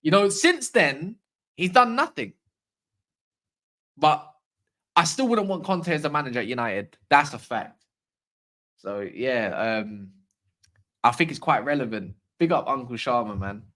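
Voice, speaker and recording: This fan channel host, a man of medium pitch, rants about football on a casual livestream at a measured pace, pausing often. Full of strong opinions and slang, he stays animated while replying to viewers' chat messages.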